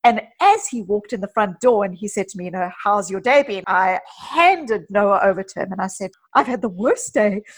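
Woman psychologist chatting in an interview, kinda husky, animated storyteller. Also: medium pitch, moderate pace, few pauses. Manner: animated storyteller, acts out quoted speech. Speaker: psychologist guest. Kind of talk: conversational interview.

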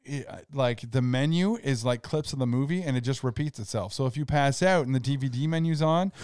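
A man co-hosting a podcast, telling relaxed stories in casual chat and laughing along. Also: medium pitch, a little fast, smooth, dry recording, clean studio sound. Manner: laid-back storyteller, laughs at own tales. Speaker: podcast co-host.

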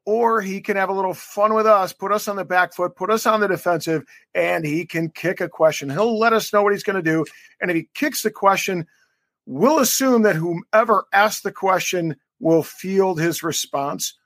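A man with a high, bright-pitched voice co-hosts a casual sports podcast, chatting freely and stringing thoughts together with lots of fillers. The sound is very dry and close, with no room around it. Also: normal speed, dry recording. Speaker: podcast co-host. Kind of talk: casual interview banter.

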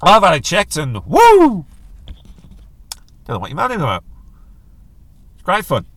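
Here the middle-aged host sounds pushed and bright, his fairly high voice swinging widely in pitch as he talks a little fast. He runs a laid-back solo podcast, joking and rambling, slipping into silly voices when quoting people.

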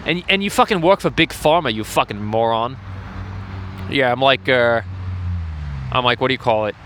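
A man's voice: mid-range voice, moderate pace, long pauses, pushed and bright, a little hiss or hum. A man giving crude, profane running commentary from the stands of a lacrosse game outdoors. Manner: profane ranting, frequent swearing. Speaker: host.

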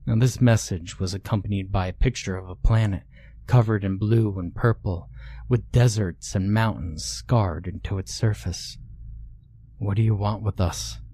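A man narrating a scripted horror story in a measured, hushed storytelling way. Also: fairly low pitch.

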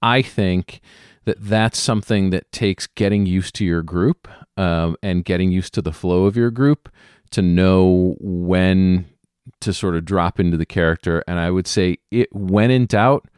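A man with a very low voice talks in a relaxed, hesitant way, full of ums and restarted phrases. He speaks as a player on a casual gaming podcast. The sound is close and dry. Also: unhurried, clean tone, no echo. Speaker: tabletop game player.

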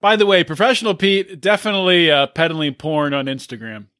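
A man's voice: on the high side, a little fast, fairly bright tone, no echo, clean studio sound. A man in his thirties co-hosting a casual podcast, talking hesitantly with many restarts. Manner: hesitant, lots of fillers and restarts. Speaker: podcast co-host. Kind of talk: casual comedic chat.

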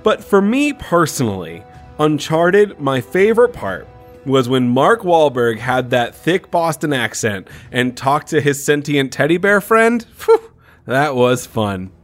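A man's voice: a little high, big pitch swings, measured pace, faint music behind. A man co-hosting a podcast in casual chat, playful and self-mocking, rambling through jokes. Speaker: podcast co-host.

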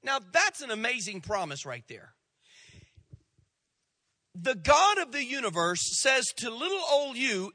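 High, bright-voiced preaching pastor. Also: male voice, big pitch swings, no room sound, long reverb tail. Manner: folksy, emphatic preaching with slow stressed quotes. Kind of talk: sermon.

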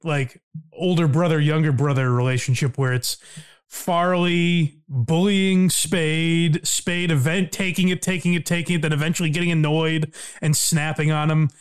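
Higher-voiced male podcast host. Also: fairly even intonation, normal speed, smooth. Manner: reflective, laughs often, uses fillers. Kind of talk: casual podcast commentary.

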